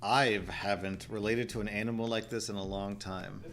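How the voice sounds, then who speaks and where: A man hosting a comedic reaction show, making quick joking asides about the clips. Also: lowish voice, level tone. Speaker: host reacting to videos.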